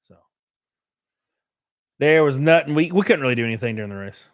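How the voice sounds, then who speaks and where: A young man talks casually on his live stream, thanking viewers for donations in a loose, rambling manner. His voice sits at a middling pitch. The sound is close and dry, with no room echo. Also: expressive, brisk. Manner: loose, chatty, mumbles and hums while reading.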